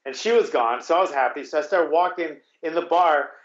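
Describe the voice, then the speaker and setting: A man's voice: a little high, brisk. Man rambling through a story, roomy dull sound. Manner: rambling, with restarts and swearing. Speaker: guest telling a story. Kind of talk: casual storytelling.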